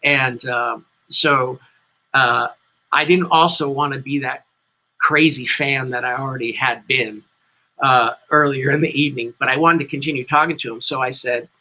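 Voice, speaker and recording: Bright-voiced New England man telling stories. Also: mid-range voice, normal speed, poor audio. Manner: animated, rambling storyteller. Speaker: guest, tribute band singer. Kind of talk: casual interview storytelling.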